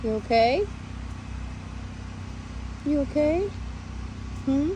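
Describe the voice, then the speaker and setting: A woman with a slightly high voice coos at her parrots in slow, coaxing baby talk. She chats with them one after another. Bird calls and passing cars come through clearly behind her. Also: lively intonation, background noise. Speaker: parrot owner vlogger. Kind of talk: casual talk to pet birds. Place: home during a power outage, near bird cages.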